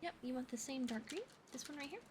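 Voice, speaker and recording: A young woman in whispered role-play, reading a novel aloud and chatting softly with her stream's viewers. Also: high voice, fast, background noise. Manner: whispers the reading, chats with viewers in a soft voice between passages.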